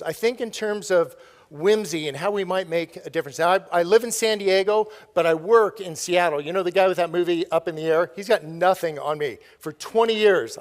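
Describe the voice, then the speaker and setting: A middle-aged man delivers a storytelling keynote from a stage, playful and quick to laugh at his own jokes. His voice sits fairly high for a man. The sound carries a long reverberant tail from the large hall. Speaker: keynote speaker.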